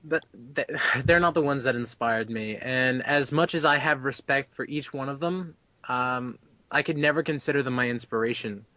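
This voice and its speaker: A man's voice: mid-range voice, normal speed, bright, forceful tone, no room sound, muffled recording. A young man being interviewed about his voice acting, chatty and brash, laughing and swearing freely. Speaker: abridged-series voice actor, interview guest. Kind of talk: casual interview.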